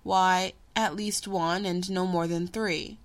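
A woman's voice: on the low side, steady tone, slow. A woman reading a story, voicing an earnest seventeen-year-old boy who is eager and a little petulant. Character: earnest teenage boy, eager, sulky, impatient.

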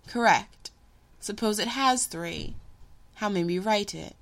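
A woman reading a story, voicing a patient, wise, magical female teacher who teases gently. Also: medium pitch, takes it slowly, creaky, exaggerated voice. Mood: patient, teasing. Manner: calm, gently teasing teacher.

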